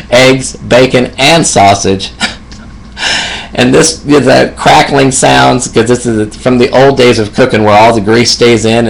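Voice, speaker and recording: A man's voice: lowish voice, vocal fry, poor audio. A man in his fifties, a hospice nurse, telling a personal story in a reflective way and laughing often. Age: 50s.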